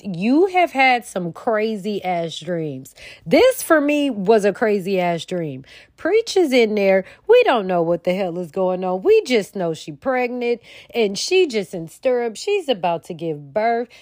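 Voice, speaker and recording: A young woman, hosting a podcast and recapping a TV episode in an animated, slangy way, straight to her listeners. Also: medium pitch, dry recording, studio quality. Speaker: podcast host recapping a TV show. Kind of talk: casual recap monologue.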